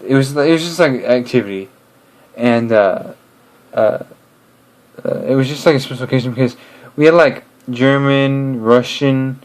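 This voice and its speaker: A young man chatting casually to camera, rambling and hesitant, with many pauses and restarts. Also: medium pitch, low-quality recording. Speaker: video creator.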